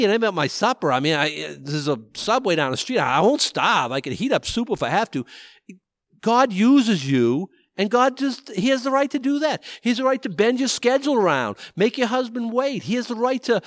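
Man, Bible study teacher, rambling, self-deprecating, slightly high voice, dry recording. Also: dry recording. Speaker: pastor.

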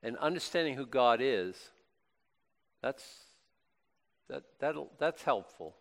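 A man's voice: medium pitch, expressive, slow pace, creaky, a bit bright. A man preaching a sermon in a chatty, self-deprecating way, with joking asides between scripture readings. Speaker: pastor.

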